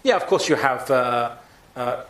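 A man's voice: medium pitch, expressive, a little slow, a bit bright, reverberant. A man giving a public talk and taking audience questions, speaking emphatically with frequent restarts.

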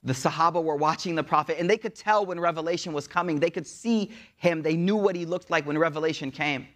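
A man preaching a story sermon in a casual, slangy way, moving between hushed, soft passages and excited bursts. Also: fairly high pitch. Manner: casual slangy preaching, recites Arabic verses quickly.

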